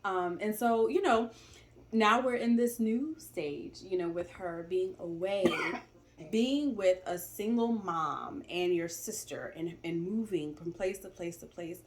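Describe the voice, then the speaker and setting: A woman's voice: fairly low pitch, slow. A woman in her forties talking reflectively about family in a casual chat, with many "you know" fillers. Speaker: stepmother co-host.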